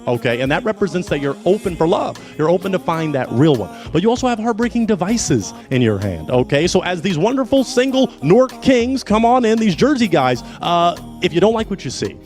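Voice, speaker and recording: A man hosting a dating show with playful, animated energy, stretching words for effect. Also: high-pitched, brisk, few pauses, soft background music. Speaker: host.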